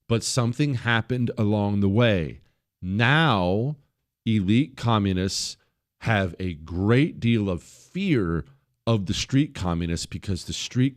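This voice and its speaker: A man hosting a political talk radio show, delivering a combative, sarcastic monologue that repeats phrases for emphasis. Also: lowish voice.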